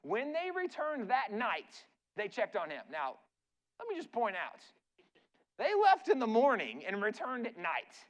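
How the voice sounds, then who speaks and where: A man with a very high voice preaches as a guest speaker in a church. He tells his story in a relaxed, chatty way and keeps checking in with the listeners with asides. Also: a little slow. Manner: casual, chatty, uses "like" and "right?" asides. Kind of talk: conversational sermon storytelling.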